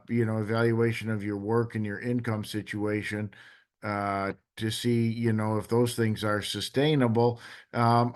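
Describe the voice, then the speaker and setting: A man presides as judge, explaining procedure in halting phrases padded with fillers. His voice is fairly low, smooth and clear. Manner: halting, full of "uh" and "you know". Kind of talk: court proceedings.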